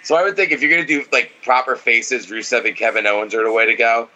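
A man's voice: medium pitch, fast, sharp tone, rough recording. A man co-hosting a casual podcast, watching wrestling and giving blunt, opinionated takes full of swearing. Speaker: podcast co-host.

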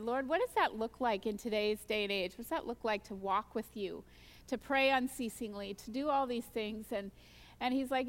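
Earnest high-voiced woman in a reverberant hall. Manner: earnest, storytelling, acts out her own prayers. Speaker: guest speaker at a church gathering. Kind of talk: personal testimony in a sermon. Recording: long church hall reverb.

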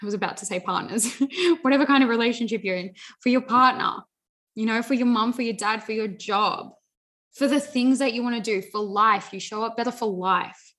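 Young woman doing a self-help talk w/ slides, earnest, says "like" a lot, kinda high voice. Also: fairly quick, a bit bright. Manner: earnest, repetitive, uses "you know" and "like".

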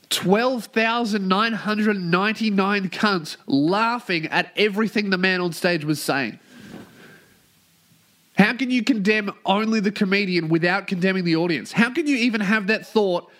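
A man hosting a solo comedy podcast, ranting and telling a story with plenty of swearing. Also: high voice. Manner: profane, ranting, animated storytelling. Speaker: podcast host.

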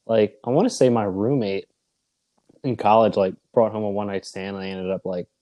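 A man's voice: on the low side, steady tone, a little fast, warm tone, lo-fi sound. A man co-hosting a casual podcast chat, teasing as he sets up scenarios and leads the questions. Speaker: podcast co-host.

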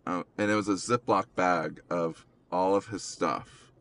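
A young man hosting a casual podcast, talking haltingly with many ums and restarts, in an emotional way, from a car. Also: deep voice, fairly even intonation, fairly bright tone, a little hiss or hum. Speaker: podcast host.

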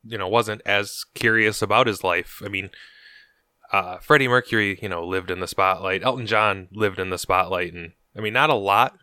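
A man co-hosting a podcast, chatting casually about movies in a halting way with frequent ums. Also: lowish voice, bright, forceful tone, clear, resonant tone, dry recording, clean studio sound. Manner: hesitant, halting, frequent ums and you-knows. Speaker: podcast co-host.

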